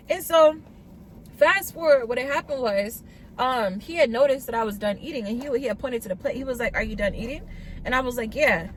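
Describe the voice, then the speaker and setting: High-voiced woman gushing in a vlog. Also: a little fast, a little hiss or hum. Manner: animated, gushing, quotes herself in high squeals; casual slangy talk. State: coughing, under the weather. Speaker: vlogger. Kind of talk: casual storytelling vlog.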